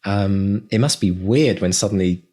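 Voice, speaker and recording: A man's voice: fairly low pitch, normal speed, dark tone. A man co-hosting a podcast, chatting casually and rambling with many restarts. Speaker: podcast co-host.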